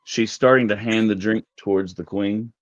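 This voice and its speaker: A man running a tabletop game as game master, narrating casually with many pauses and fillers. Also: fairly low pitch, fairly even intonation, dull audio.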